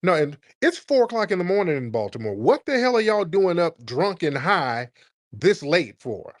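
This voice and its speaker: A man hosting a livestream call-in, mocking callers in an animated, sarcastic way with sudden high exclamations. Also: normal speed, no echo, studio quality. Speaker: livestream host.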